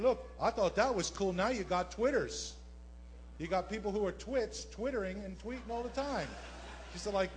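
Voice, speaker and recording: High-voiced guy preaching in church, lively, keeps throwing asides at the crowd. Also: a little hiss or hum. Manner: animated preaching with asides to the congregation. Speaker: pastor. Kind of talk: sermon. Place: church sanctuary.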